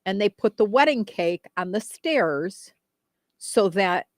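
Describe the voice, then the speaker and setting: Woman, mid pitch, dry close mic, chatty radio co-host, says like a lot. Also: expressive, slow pace, no echo. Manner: chatty storyteller with frequent "like". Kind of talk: casual radio chat.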